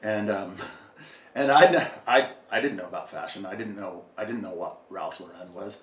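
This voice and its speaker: A man's voice: deep voice, normal speed, fairly bright tone, far from the mic. A man as a podcast guest, telling a story in a casual, rambling way with lots of fillers and frequent laughs. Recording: roomy, a little off-mic.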